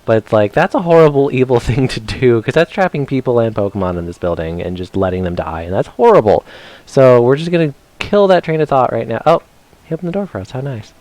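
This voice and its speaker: A man talks through a retro game on stream in a loose, chatty way, joking at his own expense and talking to the characters as he plays. His voice sits at an ordinary middle pitch. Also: expressive, fairly quick, darkish tone, dry recording. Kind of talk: casual let's-play commentary.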